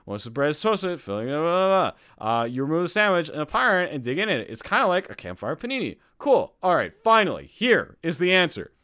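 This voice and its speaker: Young man, from Canada, podcast host, worked up, swearing, lively swooping pitch. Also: quick pace, few pauses. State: sweating. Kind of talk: casual live-stream chat.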